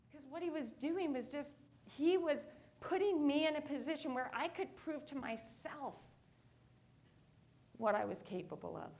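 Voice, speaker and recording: High-pitched lady telling a story on stage, acts out her own reactions. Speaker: keynote speaker. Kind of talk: motivational storytelling talk. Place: conference stage.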